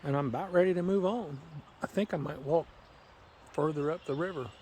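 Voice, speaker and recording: A man's voice: a little high, a little fast, dark tone, a little hiss or hum. A man chatting casually on a fishing vlog, folksy and jokey, walking by a river with a handheld camera. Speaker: fishing vlogger. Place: outdoors by a river.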